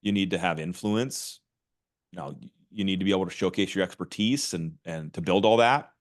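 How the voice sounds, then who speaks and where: A middle-aged man talking casually as a podcast guest, animated and quick to restart his sentences with repeated words. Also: low-pitched. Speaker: podcast guest, author and marketing executive. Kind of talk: casual interview talk.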